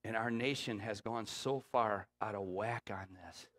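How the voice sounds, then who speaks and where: Emphatic middle-aged male pastor preaching. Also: unhurried. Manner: emphatic preaching with rising, loud peaks; drops to a low, quiet voice when quoting the Spirit. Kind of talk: sermon.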